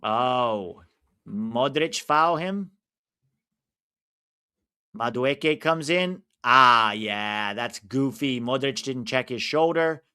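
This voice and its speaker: An American man commenting casually on a live football match for his stream viewers, reacting loudly to big moments. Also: mid-range voice, animated, very slow, pauses often, clear, resonant tone. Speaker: watch-along streamer.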